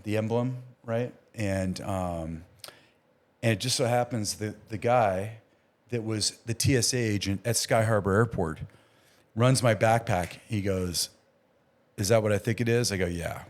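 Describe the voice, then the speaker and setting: Low-voiced man telling animated stories. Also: a little slow. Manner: animated storyteller, acts out quoted dialogue. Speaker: emergency physician guest. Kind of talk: casual storytelling interview.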